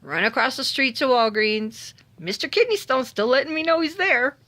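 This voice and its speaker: A woman's voice: high voice, moderate pace. A woman telling a story from her own day in a casual monologue, wry and exasperated, acting out the people she met. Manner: animated, dramatic retelling with voiced quotes.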